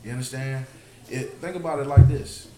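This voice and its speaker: A man's voice: medium pitch, steady tone, normal speed. A man leading a scripture study, preaching emphatically and often asking his listeners if they understand. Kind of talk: preaching to a group. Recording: roomy, noisy recording.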